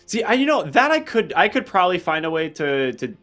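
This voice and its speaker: A man's voice: high-pitched, brisk, faint music behind. Easygoing male esports caster. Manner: relaxed, easygoing banter. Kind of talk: casual esports commentary.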